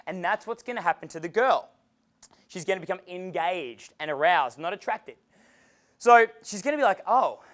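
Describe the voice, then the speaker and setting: High-voiced, energetic, profane male coach. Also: normal speed. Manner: energetic and profane, acting out quotes. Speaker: dating coach. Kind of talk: live seminar talk. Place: seminar room.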